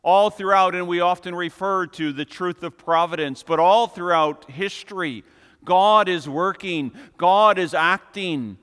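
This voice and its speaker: A man preaching an expository sermon with measured, emphatic repetition. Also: high-pitched, fairly bright tone, clear, resonant tone. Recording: long hall reverb.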